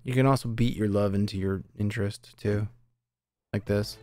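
A young male streamer chats casually with his viewers while playing a game, cursing freely and talking straight to chat. His voice is fairly low, mellow, and fairly even in intonation, at a moderate pace, with soft music in the background.

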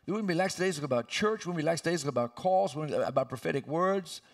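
A male pastor preaching a sermon with emphatic delivery and sudden loud, high outbursts, recorded in a church sanctuary. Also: lively intonation, fast, far from the mic.

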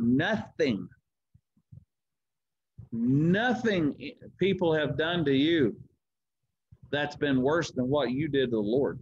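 High-voiced man teaching a church Bible study. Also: slight background noise. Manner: reads scripture aloud, then explains it with repeated words and rhetorical questions. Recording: dull, lo-fi church stream.

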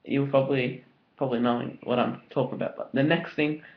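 A man's voice: mid-range voice, steady tone, fairly quick. A young Australian man with an Australian accent, chatting casually and enthusiastically through an unboxing video, rambling with lots of fillers. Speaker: vlogger. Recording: dull lo-fi home recording.

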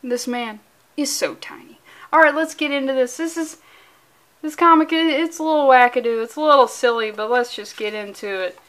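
A woman's voice: high-pitched, moderate pace, fairly bright tone. A woman vlogging about comic books in a casual, mock-angry, profane and rambling way. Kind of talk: casual comic review vlog.

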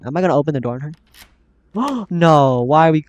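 A gaming channel host provides loose, jittery commentary on a horror game, muttering to himself and shouting at the characters as his voice keeps cracking upward. His slightly high voice moves briskly, captured on a somewhat dull lo-fi mic with no room sound.

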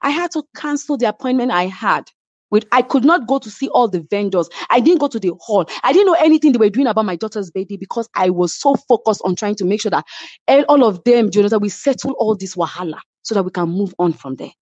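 A woman's voice: mid-range voice, animated, fast talker, a little mellow, no room sound. A woman with a Nigerian accent, a reality show cast member telling her side in an interview, emphatic and checking that her listeners follow. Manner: emphatic, keeps asking "do you understand?". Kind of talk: animated storytelling in an interview. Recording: dull lo-fi sound.

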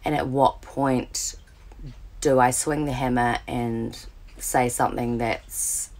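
An Australian woman with a very low voice records a question for the hosts. She lays out her situation in a calm and measured way. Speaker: listener sending a question.

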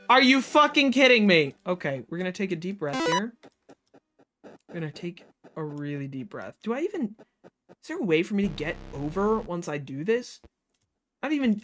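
Exasperated streamer, heavy swearing, mutters then yells, music clearly playing underneath. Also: mid-range voice. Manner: frustrated, swears a lot, talks to self and chat; swings from muttering to sudden loud outbursts. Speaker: livestreamer. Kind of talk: live gameplay commentary.

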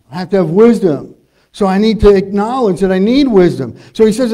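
A male pastor preaching a sermon in a church, telling folksy, humorous stories and getting louder when he exhorts. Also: high-pitched, lively intonation, a little fast. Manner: storytelling, folksy with humorous asides. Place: church sanctuary.

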